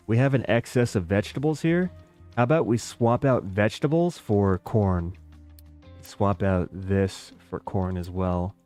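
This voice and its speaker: A man's voice: lowish voice, measured pace, warm tone, faint music behind. Rambling American man streaming a game. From United States. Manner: rambling, self-deprecating, talks to chat. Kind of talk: casual live-stream chat while playing.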